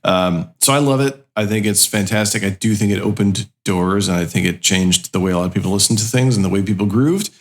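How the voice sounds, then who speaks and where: A man's voice: on the low side, a little fast, few pauses. A man co-hosting a music podcast, giving a rambling, thoughtful opinion. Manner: thoughtful, rambling, many ums. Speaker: podcast co-host. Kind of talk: casual chat.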